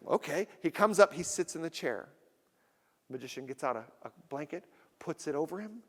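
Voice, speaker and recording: A man's voice: a little high, expressive, quick pace. A man giving a humorous keynote talk to a conference audience, telling stories and acting out the people in them. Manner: storytelling, acts out voices for effect. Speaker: keynote speaker. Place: large conference hall. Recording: long hall reverb.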